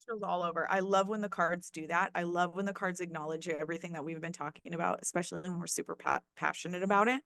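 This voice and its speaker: A woman co-hosting a podcast in casual chat, excited and emphatic, swearing freely. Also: on the low side, fast talker, hardly any pauses, no room sound. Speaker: podcast co-host.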